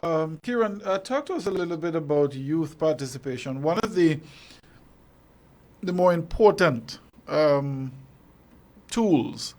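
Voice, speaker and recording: A man's voice: a little high, animated, unhurried, long pauses, a little mellow. A male radio host interviewing guests in the studio, often hesitating and repeating his words while he encourages them.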